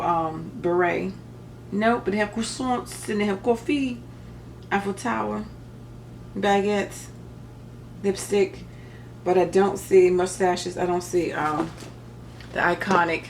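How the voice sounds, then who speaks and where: Middle-aged lady rambling thru a craft haul, kinda gravelly voice, faint hiss behind. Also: fairly low pitch. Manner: chatty, rambling, self-joking asides. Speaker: crafting vlogger. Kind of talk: casual haul show-and-tell.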